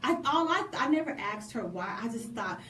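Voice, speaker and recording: A woman co-hosting a casual radio talk show, speaking in a lively, preachy way with laughing asides. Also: on the high side, moderate pace, a crowd in the background. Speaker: co-host. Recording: echoey room from a distant mic.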